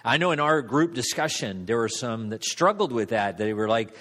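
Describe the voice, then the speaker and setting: A man pastor giving a sermon in a church, conversational and halting, with frequent fillers. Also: medium pitch, animated, fairly bright tone, in a large hall. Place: church sanctuary.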